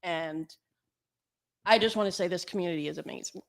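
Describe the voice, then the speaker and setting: A woman speaking quickly and gratefully as a panelist. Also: fairly low pitch.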